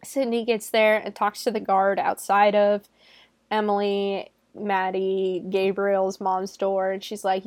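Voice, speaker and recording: A woman's voice: medium pitch, monotone, takes it slowly, no echo. A young adult woman casually recapping a movie, irreverent and swearing, laughing often and filling her talk with "like". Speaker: movie reviewer. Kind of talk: casual spoken film recap.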